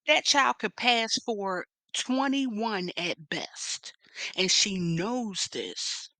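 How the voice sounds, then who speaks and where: Sassy, slow-talking Philadelphia woman. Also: a little high, animated, gravelly, bright, forceful tone, no room sound. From Philadelphia area. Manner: sassy, emphatic, profane, drawn-out stresses. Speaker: commentary vlogger. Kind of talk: gossip commentary.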